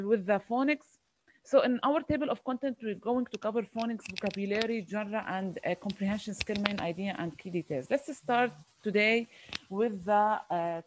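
A woman, her voice sitting a touch high, leads a phonics class over a video call. She explains slowly and patiently, repeating each key word and pausing on small fillers. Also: slight background noise, rough recording. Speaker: teacher. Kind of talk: online phonics lesson.

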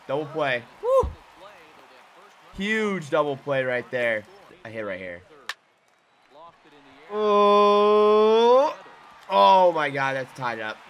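Excitable young man calling his own game. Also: fairly high pitch. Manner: excitable, swings from muttering to shouting. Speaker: gaming YouTuber. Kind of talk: live gameplay commentary.

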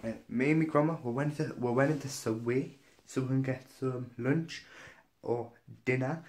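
A man's voice: mid-range voice, moderate pace, a little mellow, a little hiss or hum. A young man from Newcastle, telling a story in a casual vlog, chatty and gossipy, with some swearing. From Newcastle, England. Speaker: vlogger.

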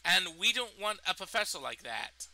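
A man's voice: high voice, very animated, normal speed, bright, forceful tone, poor audio. A young man in a vlog, indignantly retelling a personal story and swearing freely. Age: young adult. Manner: indignant, profane retelling of events. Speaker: vlogger.

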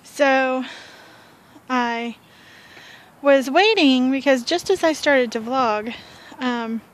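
A woman's voice: high-pitched, slow. A woman vlogging on her porch, telling a story in a chatty, rambling way with fillers and sighs. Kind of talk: casual storytelling vlog. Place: home porch, outdoors.

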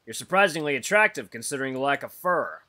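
A man's voice: mid-range voice, lively intonation, quick pace, bright, forceful tone. A man voicing a serious young male wolf heir as he reads a visual novel aloud, with an earnest, solemn delivery. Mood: teasing. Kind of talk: voiced visual novel reading.

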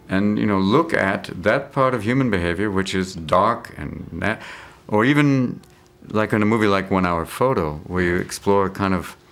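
Man, comedian guest, animated riffing, gravelly, low voice. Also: slight background noise. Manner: animated, riffing, slips into quick impressions. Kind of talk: interview chat.

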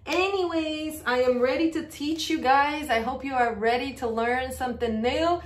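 A woman teaching a casual language lesson, bubbly and repeating phrases slowly for learners, filmed at home while sitting on the floor in a small nook. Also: high voice, echoey room.

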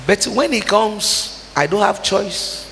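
Nigerian woman preacher, gravelly, tells stories with Pidgin, long reverb and faint hiss. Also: medium pitch, expressive, slow pace, fairly bright tone. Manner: mixes in Nigerian Pidgin, acts out quoted dialogue. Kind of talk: sermon with storytelling.

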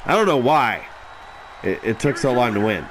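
A man commentating a let's play with shouty, melodramatic trash talk. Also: mid-range voice, sing-song, moderate pace, a crowd in the background, noisy background. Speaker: gameplay commentator.

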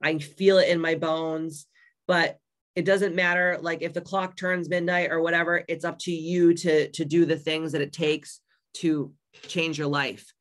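A hoarse woman hosting an online coaching community in a casual live stream, blunt, loud and heavily profane. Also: sits low, flat delivery, a little slow. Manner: loud, brash and upbeat.

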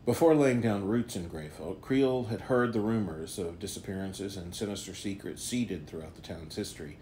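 Deep-voiced man narrating a fantasy tale. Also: normal speed, dark tone, a little hiss or hum. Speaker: author reading his own novella. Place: home during quarantine.

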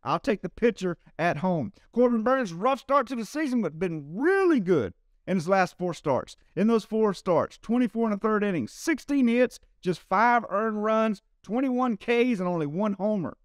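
A man's voice: high-pitched, lively intonation, moderate pace, no room sound, studio quality. A man with a Southern accent giving baseball betting picks, talking emphatically and straight to his viewers. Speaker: sports betting handicapper. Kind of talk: casual betting picks talk.

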